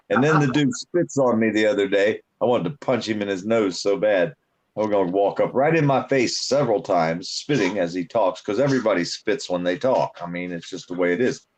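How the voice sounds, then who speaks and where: Casting note: deep-voiced guy, gruff and grumbling, complains in a casual chat.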